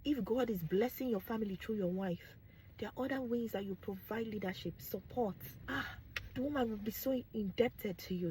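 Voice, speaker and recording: A young adult woman with a Nigerian accent, talking candidly to her viewers in an animated way, with exclamations and bits of pidgin. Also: medium pitch, brisk, a little hiss or hum, low-quality recording. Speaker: vlogger. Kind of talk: candid talk to camera.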